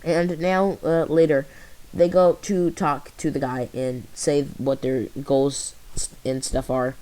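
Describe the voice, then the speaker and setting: A man casually retelling a fan story, rambling and halting, full of fillers and restarts. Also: a little high, flat delivery, darkish tone, low-quality recording. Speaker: channel host.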